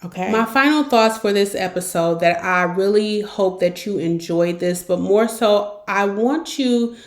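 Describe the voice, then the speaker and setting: A woman's voice: mid-range voice, unhurried. Woman podcast host giving pep-talk career advice, direct and upbeat, echoey room. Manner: direct, encouraging, acts out examples. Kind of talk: coaching monologue. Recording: roomy echo.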